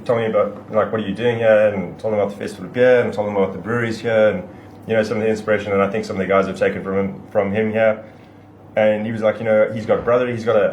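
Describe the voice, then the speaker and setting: A South African man telling a long, excitable anecdote in a casual podcast chat. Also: on the low side, echoey room, a little hiss or hum, low-quality recording. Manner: excitable, rambling anecdote teller.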